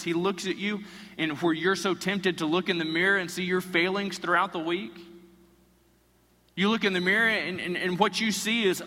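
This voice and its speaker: A man's voice: high voice, fairly even intonation, normal speed, bright, forceful tone. A man preaching a sermon as pastor, building in intensity with repeated phrases and acted-out quotes. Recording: long reverb from a large hall.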